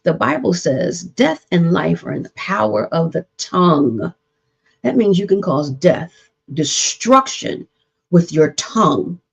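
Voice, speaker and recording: A woman therapist hosts a live-streamed relationship talk show, speaking earnestly and repeating her points with preacher-like emphasis. Her voice is deep, gravelly, and husky.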